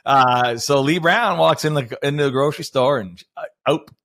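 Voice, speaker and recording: A man's voice: mid-range voice, normal speed, a bit bright. A man hosting a podcast interview, eager and restarting his sentences often. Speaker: podcast host.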